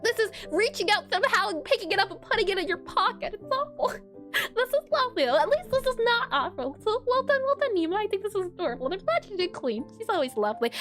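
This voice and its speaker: A woman's voice: extremely high pitch, sharp tone. A young woman streaming as she reviews viewer art, bubbly and giggly, repeating her praise. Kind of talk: casual livestream commentary.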